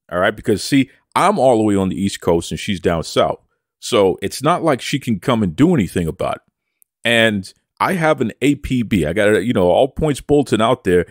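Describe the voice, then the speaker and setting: A man's voice: medium pitch, no echo, studio quality. A man hosting a wrestling podcast, talking with playful promo bravado and calling himself by name in the third person. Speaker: podcast host. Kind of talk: casual podcast chat.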